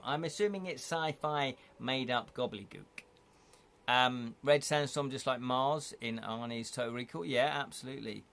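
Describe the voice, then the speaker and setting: A man's voice: mid-range voice, moderate pace, vocal fry, fairly bright tone. A man reading a gamebook aloud on a live stream, chatty and casual, breaking off to joke with his audience.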